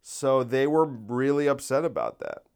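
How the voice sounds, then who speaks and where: A man's voice: mid-range voice, big pitch swings, a little slow, darkish tone, clean tone. A man talking in a casual solo monologue, rambling and wry, often interrupting himself.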